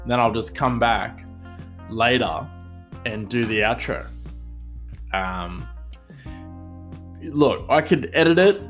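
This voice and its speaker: Weitschweifiger Mann, der frei drauflos plaudert. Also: male voice, medium pitch, animated, takes it slowly, pauses often, soft background music. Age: adult father. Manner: rambling, full of "like" and "um" fillers. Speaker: podcast host. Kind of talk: casual solo rant.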